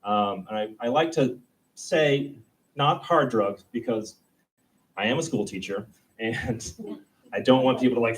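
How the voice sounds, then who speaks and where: A young man doing a stand-up comedy set, rambling and self-deprecating, and breaking into quick, high-pitched voices for the characters in his stories. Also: a bit bright, distant mic, slight background noise, rough recording. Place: comedy club stage.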